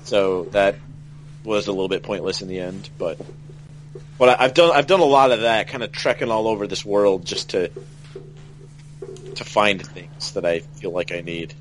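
Low-voiced man musing as co-host. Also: moderate pace, long pauses, slight background noise, poor audio. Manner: rambling, restarts phrases while thinking aloud. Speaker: podcast co-host. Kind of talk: casual podcast chat.

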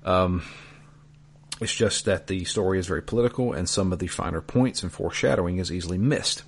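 A man's voice: low voice, fairly quick, a little hiss or hum. A man hosting a casual podcast, reading listener emails aloud with dry asides.

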